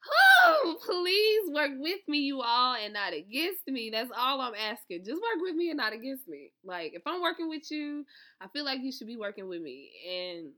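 High, piercingly bright woman ranting. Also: moderate pace. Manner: profane, animated, swings from loud outbursts to low calm. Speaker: vlogger, author promoting an ebook. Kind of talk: casual storytime rant to viewers.

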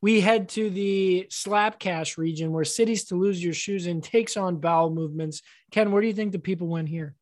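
A woman's voice: lowish voice, normal speed, few pauses, darkish tone, no echo, studio quality. A woman co-hosting a radio show, running a bracket game with playful, teasing banter. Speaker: radio co-host.

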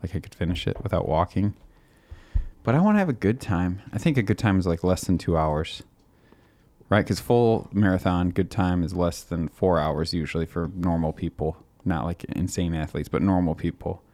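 A man's voice: sits low, normal speed, dark tone, no room sound. A young man from the Midwest hosting a casual podcast chat, rambling and laughing often. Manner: laid-back, laughs often, rambling asides. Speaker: podcast host.

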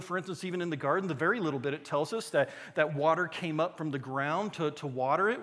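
A man with a high voice preaches to his congregation, moving into animated storytelling and quick asides. His words ring out with a long reverb, as in a large church hall. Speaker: pastor. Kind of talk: sermon.

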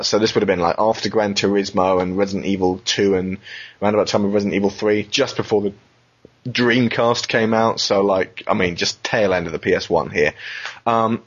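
Male podcast host, husky, keen and sweary; dull lo-fi sound. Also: lowish voice. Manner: enthusiastic, swears freely, acts out quotes. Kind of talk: casual podcast chat.

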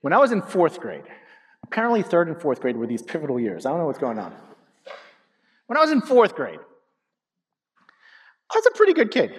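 A man's voice: a little high, wildly swooping pitch, brisk, pauses often, husky. A man in his thirties preaching a sermon as pastor, telling stories animatedly and speaking directly to the congregation. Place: church sanctuary. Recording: hall reverb.

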